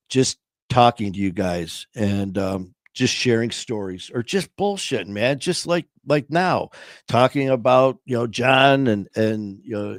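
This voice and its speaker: Low-voiced rambling livestream host. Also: male voice, no echo, clean studio sound. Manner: rambling and informal, full of fillers and "man". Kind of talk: casual livestream chat.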